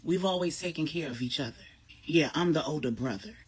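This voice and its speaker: A woman's voice: sits low, brisk, slightly rough. A woman reading the part of an anxious young man who is a devoted older brother, speaking earnestly. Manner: earnest, pleading.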